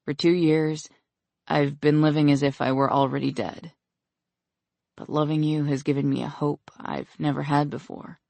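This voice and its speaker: An audiobook narrator voicing an earnest, tender man declaring his love, in slow, solemn lines. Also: mid-range voice, little pitch movement, gravelly, a little mellow, no echo, natural voice.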